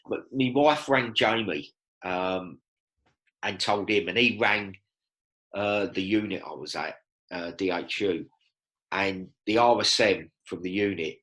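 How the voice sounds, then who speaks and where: A man, telling lively stories as a podcast guest and acting out quoted lines. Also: low-pitched, poor audio. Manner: animated storyteller, acts out quotes. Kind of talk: casual storytelling chat.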